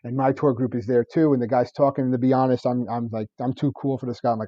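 A man chatting on a podcast, rattling through stories at a quick clip. His voice is dark and husky, full of restarts. The sound is dull and dry, close and lo-fi. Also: medium pitch, fairly even intonation, no echo. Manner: rambling storyteller with many restarts and laughs. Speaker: podcast co-host. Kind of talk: casual chat.

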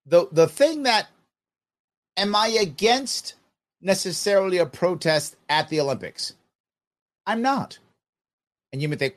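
A man's voice: high-pitched, expressive, moderate pace. A middle-aged man hosting a podcast and giving opinionated commentary, talking straight to listeners with rhetorical questions. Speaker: podcast host.

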